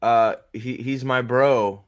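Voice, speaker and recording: A man voicing a slow, dim male alien hunter brother in halting mock dialogue. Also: mid-range voice, fairly even intonation, smooth, voice pushed down, close to an everyday voice. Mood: dopey.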